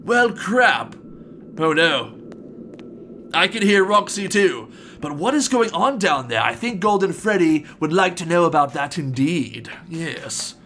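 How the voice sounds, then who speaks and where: A man voicing a polite, tea-loving gentleman toy bear animatronic, commenting on gameplay with fussy exclamations and calling people sir. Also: fairly high pitch, very animated, measured pace, a little hiss or hum, exaggerated voice. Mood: chatty. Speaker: let's-play host.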